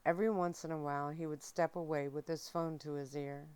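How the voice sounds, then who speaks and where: A woman giving a soft, steady ASMR reading of a novel aloud, close to the mic. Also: low voice, smooth, no echo. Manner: soft, steady, unhurried narration. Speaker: audiobook reader.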